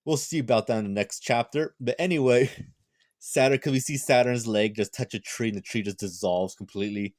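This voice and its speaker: A tired young man reviewing a manga chapter in a casual, rambling chat, full of fillers and quick restarts. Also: mid-range voice, a little mellow, no room sound, studio quality.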